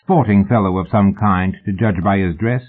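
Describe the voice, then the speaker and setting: A man voicing an easygoing working-class bill-sticker boss who talks in a cheerful, folksy, unhurried way, in a storybook reading. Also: low-pitched. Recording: tinny phone-like audio.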